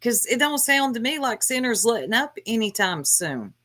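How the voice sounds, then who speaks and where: A woman hosting a livestream, giving scolding, drawn-out commentary in casual chat. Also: a little high, very animated, a bit bright. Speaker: livestream host.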